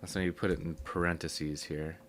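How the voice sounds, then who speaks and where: A man teaching music theory in a relaxed, step-by-step way, his voice low and rough from a cold, with many ums. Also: normal speed, a little hiss or hum. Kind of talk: casual spoken lesson.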